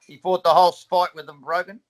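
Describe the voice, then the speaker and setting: A man's voice: high voice, little pitch movement, quick pace. A man in a casual chat who jumps in and cuts across the others. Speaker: guest, boxing trainer.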